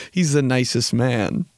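A man's voice: mid-range voice, no echo, clean studio sound. A young man in his twenties hosting a podcast, joking and rambling in a laid-back, casual way and swearing often. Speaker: podcast host. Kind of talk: casual comedic monologue.

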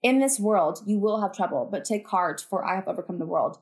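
In a casual faith talk, a woman podcaster speaks fairly quickly in a mid-range, darkish voice with lively intonation. She addresses listeners earnestly, saying "like" and "you guys" a lot, and states her beliefs with conviction.

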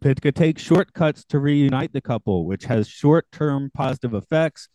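A man hosting a podcast, reading out a plot summary in a measured way. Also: medium pitch, animated, mellow, no echo, poor audio. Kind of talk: casual chat and read-out summary.

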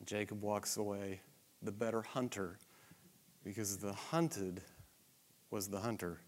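A man's voice: fairly low pitch, unhurried, in a large hall. A male Bible teacher reading scripture and adding commentary in a dramatic, storytelling way.

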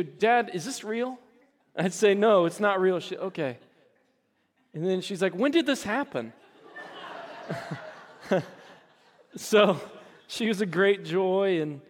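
High-voiced pastor telling a family story. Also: male voice, big-room sound. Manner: chatty storytelling with self-deprecating laughs. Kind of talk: sermon with personal story.

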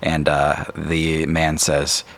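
A man narrating a tabletop game as game master, relaxed and easygoing. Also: extremely low pitch, slow, a little hiss or hum.

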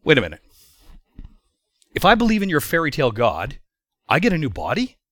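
A man's voice: a little high, wildly swooping pitch, a little fast, a bit bright, no echo, heavily acted. A man voicing his tough, skeptical anarchist friend in a retold story, speaking bluntly and questioningly in close to his own voice. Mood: incredulous.

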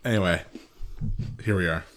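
A man's voice: deep voice, moderate pace, a bit bright. A man co-hosting a podcast, chatting in a playful, giggly way. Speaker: podcast co-host. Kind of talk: casual chat.

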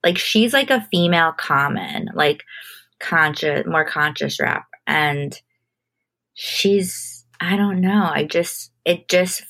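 A young woman with a low-pitched voice speaks slowly in an interview. She tells her story in a relaxed, casual way, leaning on "like" as she goes. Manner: relaxed, unhurried, casual with frequent "like". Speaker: guest, entertainment manager.

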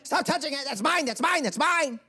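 A man's voice: extremely high pitch, expressive, a little fast, bright, forceful tone, voice pushed up, full character voice. A man voicing a bratty little boy who insists, whining and repeating himself, that the toys are his. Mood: possessive. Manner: whiny, insistent repetition.

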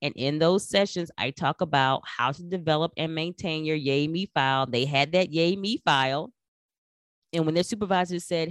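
A middle-aged woman coaching listeners on their careers, her voice sitting a little low for a woman. She talks with emphatic, animated energy and acts out the remarks she quotes. The sound is dry and close, with no room around it. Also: normal speed, dry recording. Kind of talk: instructional talk.

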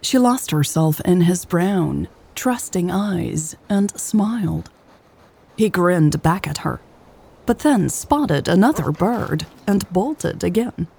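A woman narrating a romance audiobook in a steady storytelling manner. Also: fairly low pitch, slow, creaky, husky.

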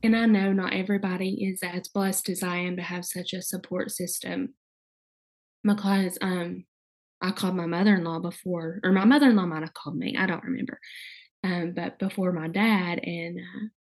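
Young woman, breathy voice, candid, halting, lots of fillers, conversational guest. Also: fairly low pitch, steady tone. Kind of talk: casual conversation.

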